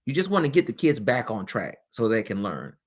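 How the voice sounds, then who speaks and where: A man's voice: medium pitch, wildly swooping pitch, fairly quick, noisy background. A man hosting a webcast as a former teacher, talking candidly and casually, with frequent laughs and chatty asides.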